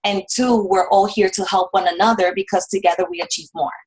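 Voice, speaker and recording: A woman's voice: mid-range voice, brisk, a little mellow, low-quality recording. A woman coaching her team on a call, speaking in an encouraging, motivational way. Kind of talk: casual team call talk.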